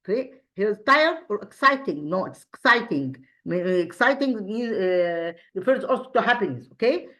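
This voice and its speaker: A woman's voice: medium pitch, expressive, normal speed, hardly any pauses, a bit bright. Hesitant woman teaching English grammar. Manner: hesitant, frequent fillers and restarts; asks rhetorical questions and repeats. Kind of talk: grammar review lesson.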